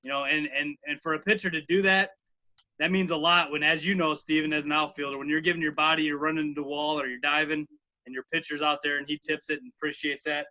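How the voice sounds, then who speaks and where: A man's voice: on the high side, little pitch movement, fast talker, pushed and bright. A man from the Chicago area, a former college outfielder, co-hosting a casual podcast chat in an earnest, grateful way. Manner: earnest, grateful, rattles off names. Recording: dull lo-fi audio.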